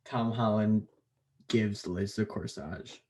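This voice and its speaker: A man's voice: fairly low pitch, takes it slowly, a little mellow. A man hosting a podcast in casual chat. He is easygoing with dry humor and falls into hesitant restarts when giving opinions. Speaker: podcast host.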